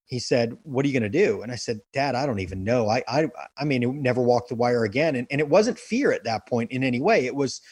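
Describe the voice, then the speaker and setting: A man's voice: medium pitch, lively intonation, fairly quick, hardly any pauses, darkish tone, slightly rough, no echo. A middle-aged man telling an earnest personal story, often repeating words as he gathers himself. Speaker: guest telling his story.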